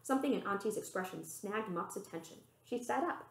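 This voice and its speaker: Expressive woman reading a storybook aloud. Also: a little fast, creaky, echoey room, poor audio. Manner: expressive, voicing the characters with pitch lifts.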